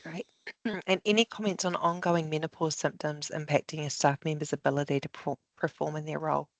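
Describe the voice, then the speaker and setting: A webinar moderator reads audience questions over a video call, with brisk, upbeat acknowledgements. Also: mid-range voice, flat delivery, dry recording.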